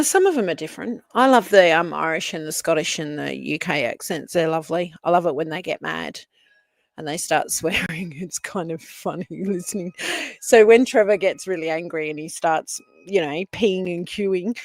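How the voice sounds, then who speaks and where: A woman's voice: on the low side, creaky, dry recording. A middle-aged Australian woman hosting a livestream, chatting casually and laughing as she reads viewer comments, swearing freely. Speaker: livestream host.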